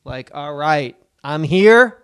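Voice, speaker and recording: A man's voice: a little high, lively intonation, slow, a bit bright, smooth, no echo, studio quality. A man co-hosting a comedy podcast, riffing loosely with lots of swearing and slipping into goofy put-on voices. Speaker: podcast co-host. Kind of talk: casual comedic banter.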